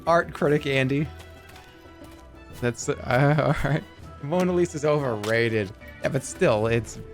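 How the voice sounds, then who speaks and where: A man streaming a game, chatting casually with his chat in an animated, joking way. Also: mid-range voice.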